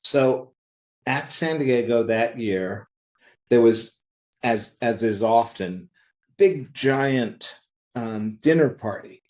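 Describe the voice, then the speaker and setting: A man who works in comics, telling anecdotes in a podcast interview, acting out the quoted lines in lively voices. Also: mid-range voice, slow pace. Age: older. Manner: animated anecdotal storytelling, acts out quoted dialogue. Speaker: interview guest, comic creator.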